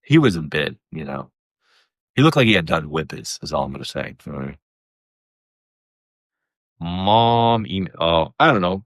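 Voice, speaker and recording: A comedian hosting a casual solo podcast, animated and profane, jumping his voice around to act out what people said. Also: moderate pace, long pauses, no echo. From Canada. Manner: animated, profane, acts out quoted voices with big pitch jumps. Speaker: comedian host.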